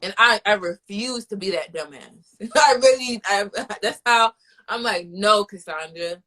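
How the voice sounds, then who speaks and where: A woman's voice: medium pitch, a little slow, sharp tone. A woman host in casual chat, ranting in a profane, fired-up way.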